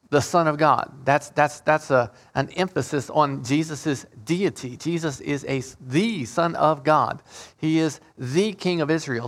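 A man's voice: a little high, a bit bright. A man leading an informal Bible study, reading King James scripture aloud and explaining it with frequent restarts and repeated words. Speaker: Bible teacher.

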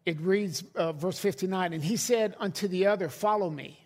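A man's voice: high-pitched, moderate pace. A middle-aged male pastor preaching a sermon to a congregation in a conversational way, often restarting his sentences. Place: church hall.

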